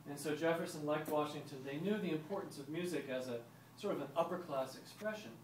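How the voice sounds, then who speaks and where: A fast-talking historical music presenter with a fairly high voice leads a live demonstration for visitors, chatting as he explains and quizzing the audience. The sound is roomy, with a distant mic and ambient noise.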